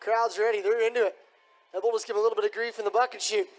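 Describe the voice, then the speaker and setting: A man announcing a live bull riding event in an arena, booming and hyping up the crowd. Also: steady tone, very fast. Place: rodeo arena.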